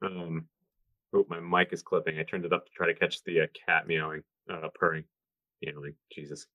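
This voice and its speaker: A man with a very low voice, chatting casually and rambling with frequent ums and swearing. The sound is close and dry. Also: level tone, normal speed, no echo, narrow, tinny audio. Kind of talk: casual chat.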